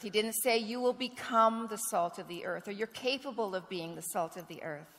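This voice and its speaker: A woman pastor preaching a sermon with earnest storytelling, clearing a rough throat now and then. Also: medium pitch, moderate pace, hardly any pauses. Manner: earnest storytelling, acts out quoted dialogue. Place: church sanctuary. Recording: long reverb of a church sanctuary.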